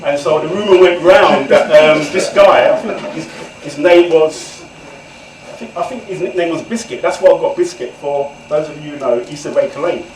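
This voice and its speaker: A higher-voiced man in his forties shares his life story with a live audience in a candid, conversational way. He keeps turning to the listeners to draw them in. His voice reaches the mic from a distance, echoing off the walls of the room over faint background ambience. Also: moderate pace, a little mellow, a little hiss or hum. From England. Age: 40s. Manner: candid, conversational, often addresses the audience directly. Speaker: guest author speaker. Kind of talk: personal storytelling talk to an audience. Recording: echoey room, far from the mic.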